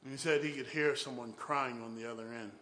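A guest preacher delivers a sermon in an echoey church, animatedly telling a story and acting out its characters' voices, with sudden whoops. His mid-range voice is a bit bright and steady in tone, moving a little fast.

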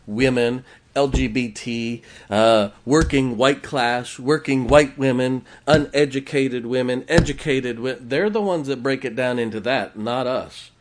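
A man's voice: mid-range voice, measured pace. A man preaching a conversational sermon in a folksy way, often laughing as he talks.

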